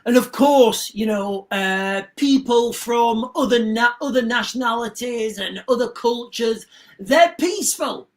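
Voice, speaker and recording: A man's voice: very high voice, measured pace. A man hosting a live stream, ranting casually in a rambling way, repeating himself and cutting off his own sentences. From England. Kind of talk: casual livestream rant.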